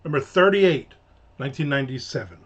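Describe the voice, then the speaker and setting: A man's voice: medium pitch, a little fast. A man from the United States chatting casually on a livestream, rambling and joking as he reads viewer comments, trailing off and restarting often. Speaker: livestream host. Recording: slightly dull lo-fi home mic.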